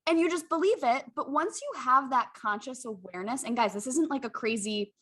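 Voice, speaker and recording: A woman's voice: sits high, animated, brisk, fairly bright tone. A woman hosting a podcast, talking candidly and effusively and often speaking straight to her listeners. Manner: candid, effusive, addresses listeners as "you guys". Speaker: podcast host. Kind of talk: casual chat.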